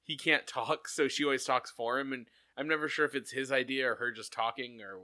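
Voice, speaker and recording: A man's voice: medium pitch, fairly even intonation, fairly quick, bright, forceful tone. A man co-hosting a podcast, riffing in a casual chat with swearing and mock outrage. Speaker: podcast co-host.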